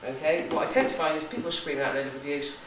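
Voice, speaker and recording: A woman's voice: low voice, lively intonation, fast talker, noisy background. Chatty West Country woman, echoey room. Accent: West Country English. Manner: chatty, jokey, keeps checking with "okay?". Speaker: psychic ghost hunt host. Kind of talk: briefing a group on a ghost hunt. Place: large echoey room in an old building. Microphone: camera from a distance. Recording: echoey room recorded from far off.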